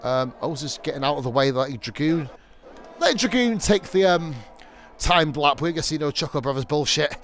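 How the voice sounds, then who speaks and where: A man's voice: on the high side, expressive, brisk, fairly bright tone. A young adult man from the UK, commentating a sim racing league on a live stream in a sweary, rambling, jokey way.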